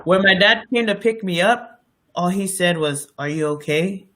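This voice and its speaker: Male co-host, high, bright voice, rambling casual storyteller. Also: normal speed. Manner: rambling, with many restarts and fillers. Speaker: podcast co-host.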